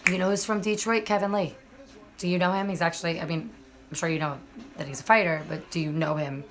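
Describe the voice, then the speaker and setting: A woman's voice: fairly low pitch, fairly even intonation, quick pace. A young woman, chatting casually and cursing as she talks to viewers on a live stream. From New York.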